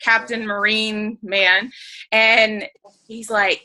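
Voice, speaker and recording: A woman's voice: medium pitch, moderate pace, pushed and bright, slight background noise, low-quality recording. A woman telling a story on a group video call, chatty and emotional, with lots of "like" and fillers. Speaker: team member sharing a story on a group call. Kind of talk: casual storytelling.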